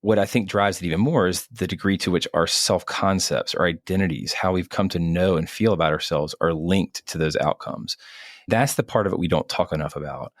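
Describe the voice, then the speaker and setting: A man with a very low, deep voice talks through his thoughts in an earnest, measured way. He sounds like a physician guest in an interview conversation, recorded close on a dry podcast mic. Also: dry recording.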